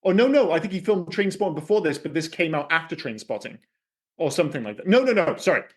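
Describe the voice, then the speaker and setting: A man's voice: on the high side, big pitch swings, quick pace. A man co-hosting a podcast, chatting casually about an old film, rambling, correcting himself and swearing freely. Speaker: podcast co-host.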